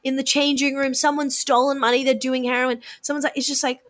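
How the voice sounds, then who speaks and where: A woman's voice: high voice, level tone, fairly quick, fairly bright tone. A young woman, co-hosting a casual podcast and ranting freely with plenty of swearing. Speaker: podcast co-host. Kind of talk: casual chat.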